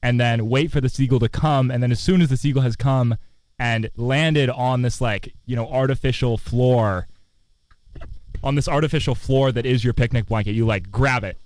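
A man's voice: medium pitch, normal speed, a little mellow, dry recording. A young man in his twenties, a student co-hosting a campus radio show, chatting playfully and rambling with laughs. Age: 20s. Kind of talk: casual chat. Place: outdoors on a quad.

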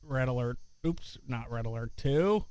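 A man hosting a casual chat show, talking in a relaxed way with many fillers and restarts. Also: medium pitch, unhurried, clean tone, dry recording.

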